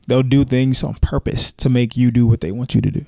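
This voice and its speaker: Mellow-voiced male podcast guest. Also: fairly quick, gravelly, dry recording. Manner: short agreeing remarks, dropping low at the end. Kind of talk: casual podcast conversation.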